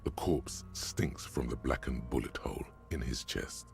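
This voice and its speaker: Grim game narrator, very deep, gravelly. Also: male voice, lively intonation, measured pace, in a whisper, faint music behind, exaggerated voice. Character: grim ominous male inner-voice narrator.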